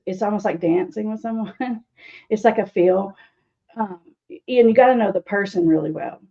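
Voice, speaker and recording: A woman's voice: medium pitch, creaky, lo-fi sound. A woman recovery coach answering interview questions in a teasing, sarcastic way, often laughing. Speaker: guest speaker, addiction recovery coach.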